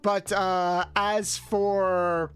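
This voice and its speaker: A woman's voice: medium pitch, little pitch movement, very slow, clear, resonant tone. A young adult woman streaming a video game as a VTuber, chatting casually and rambling with her viewers, swearing freely. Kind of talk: casual gaming stream chat.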